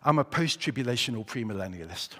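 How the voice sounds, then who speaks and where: Preacher doing a friendly easygoing guy just agreeing along, mid pitch, church echo. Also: lively intonation, fast talker, a bit bright. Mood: agreeable. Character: friendly mild male believer answering questions. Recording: echoey church hall.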